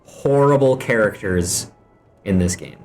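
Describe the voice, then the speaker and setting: A man's voice: lowish voice, lively intonation, a little slow, darkish tone. Wry joking guy hosting a game read-along, voice bouncing around a lot, faint music behind. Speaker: host. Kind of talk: casual game commentary with friends.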